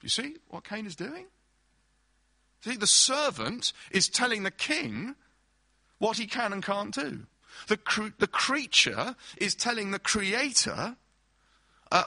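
Lively, bright-voiced male preacher. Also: high voice, measured pace, creaky, slightly rough, no room sound. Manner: lively preaching with everyday illustrations and acted-out quotes. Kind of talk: sermon.

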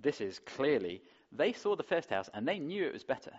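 A man's voice: mid-range voice, sing-song, moderate pace. A man preaching a sermon in a conversational way, often putting rhetorical questions to the congregation, on a dull lo-fi recording. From England.

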